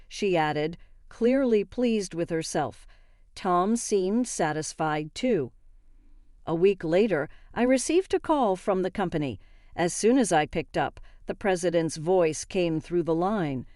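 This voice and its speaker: A woman reading a first-person story aloud in a steady, even manner. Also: lowish voice, unhurried, no room sound, studio quality. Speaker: narrator.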